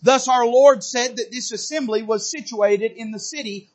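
A man preaches from the pulpit. He reads scripture and prays in a slow, deliberate manner. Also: very high-pitched. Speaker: pastor. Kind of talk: sermon.

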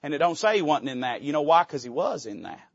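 A man's voice: fairly high pitch, very animated, fast, husky, dry recording, lo-fi sound. A male pastor preaching from a church pulpit, emphatic and folksy. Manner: emphatic, folksy, quotes old scripture aloud. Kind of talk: sermon.

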